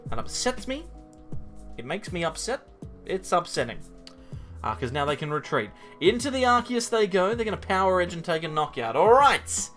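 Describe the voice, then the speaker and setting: Animated man thinking aloud over a game. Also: sits high, moderate pace, faint music behind. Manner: playful, wry asides. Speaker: card game player commentating his match. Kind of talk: casual gameplay commentary.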